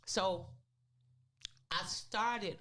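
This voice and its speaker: A woman co-hosting a podcast, telling a personal story in a casual, animated way with loose, vernacular phrasing. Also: mid-range voice, drawn-out words. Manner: animated, acts out the people in her story. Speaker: podcast co-host.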